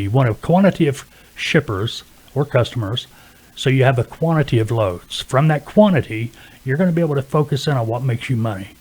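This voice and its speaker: Male trainer, mid-pitched, plain-spoken, walks the listener through cold-calling step by step. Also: a little mellow. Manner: plain-spoken, coaching, peppered with "okay". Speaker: freight broker trainer. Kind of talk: instructional talk to camera.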